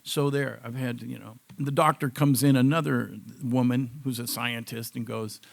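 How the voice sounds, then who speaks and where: The man's mid-range voice has vocal fry, fairly even intonation and a moderate pace. He is a cancer survivor giving a testimonial to a live audience, telling his story conversationally and straying into side notes.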